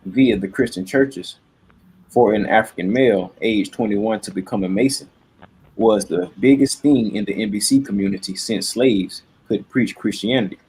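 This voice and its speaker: Low husky man reading aloud. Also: normal speed, darkish tone, rough recording. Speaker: reader in discussion.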